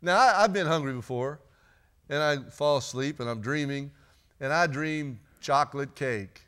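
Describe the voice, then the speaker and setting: A man's voice: a little high, moderate pace, fairly bright tone, clear, resonant tone. A man preaching a sermon in a church, chatty and joking with the congregation between readings. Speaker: pastor. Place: church sanctuary.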